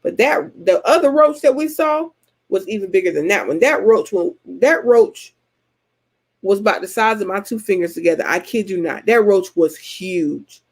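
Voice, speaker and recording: Gravelly-voiced Southern woman chatting. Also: medium pitch, normal speed. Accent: Southern American. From Georgia, US. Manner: animated, colloquial storytelling. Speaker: vlogger host answering subscriber comments. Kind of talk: casual chat.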